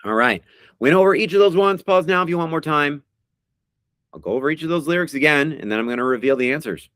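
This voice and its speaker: A man hosting a trivia podcast, reading song lyrics slowly and deliberately and announcing each question with animated energy. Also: a little high, no room sound, studio quality. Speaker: podcast host.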